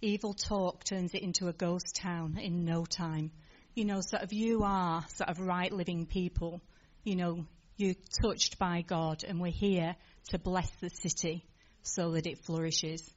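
A woman with a fairly low voice reads a short scripture passage. She blesses the gathering in a gentle, informal way. The recording sounds muffled and lo-fi. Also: steady tone, unhurried. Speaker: congregation member giving a blessing. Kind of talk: reading scripture and brief exhortation.

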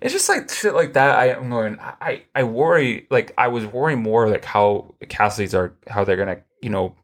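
A male podcast host chats casually in an animated, medium-pitched voice at a moderate pace. His talk rambles, gets profane, and restarts often.

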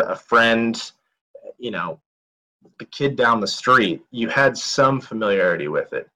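A man's voice: medium pitch, a bit bright, rough recording. A man in his thirties giving a candid, conversational motivational talk, telling personal stories with many fillers and restarts. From United States. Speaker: motivational speaker. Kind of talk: storytelling talk.

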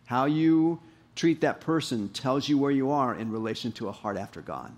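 A man preaching a sermon as pastor, animated, rising to emphatic highs and dropping low. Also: normal speed.

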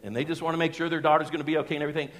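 Folksy preacher in an echoing church. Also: male voice, a little high, racing. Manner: lively storyteller, chuckles, folksy asides. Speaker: pastor. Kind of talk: sermon with personal storytelling. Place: church sanctuary. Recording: long church hall reverb.

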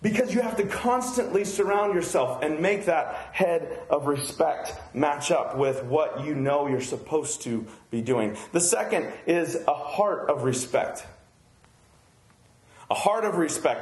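Conversational pastor, higher voice, echoey room. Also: male voice, animated, measured pace. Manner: conversational, frequent "right?" asides. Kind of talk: sermon.

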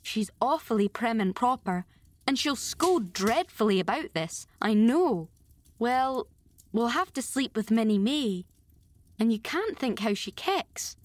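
A woman voicing a lively, giggly young girl who chatters eagerly to her friend. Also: a little high, measured pace. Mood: laughing excited.

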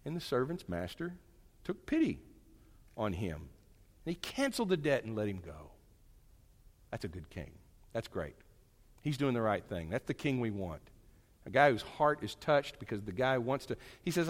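A man's voice: mid-range voice, sing-song, moderate pace, big-room sound. A man preaching a sermon, retelling a story in a conversational way with chatty asides. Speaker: pastor.

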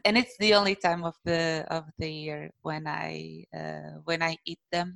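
A woman chatting casually as a podcast guest, with frequent pauses and restarts. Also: sits low, fairly even intonation, creaky, fairly bright tone, dry recording. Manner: hesitant, many fillers and restarts.

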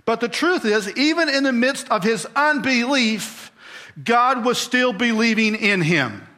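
High-voiced pastor preaching a sermon. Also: male voice, animated, a little slow, pushed and bright. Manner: conversational, acts out voices, asks the congregation.

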